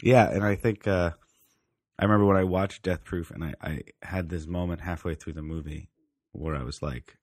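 A man with a very low, deep voice talks loosely about movies as a podcast co-host. He rambles and corrects himself mid-sentence. The sound is dry and close, with no room echo. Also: moderate pace, darkish tone. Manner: rambling, self-correcting, with frequent restarts. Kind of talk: casual film chat.

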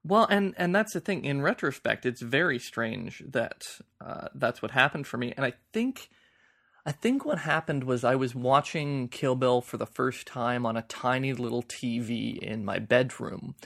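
A man's voice: medium pitch, expressive, moderate pace, gravelly, a bit bright. A man co-hosting a podcast remotely, chatting casually about films, rambling with many restarts. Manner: rambling, restarts a lot, conversational. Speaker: podcast co-host. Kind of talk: casual film chat. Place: home, remote from co-host.

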